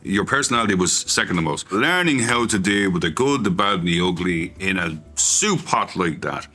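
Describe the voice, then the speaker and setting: A man with a very deep yet forceful, bright voice looks back on his radio years. He speaks emphatically and with firm opinions, with faint music underneath. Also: lively intonation, normal speed. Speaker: former radio presenter. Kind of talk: reminiscing interview.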